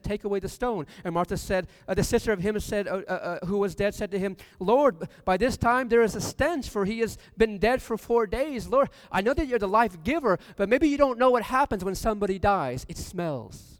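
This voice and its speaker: A man preaching a sermon, reading scripture aloud and asking the congregation questions, rising to loud emphasis. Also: high-pitched, lively intonation, fairly quick, hardly any pauses. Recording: long reverb from a hall.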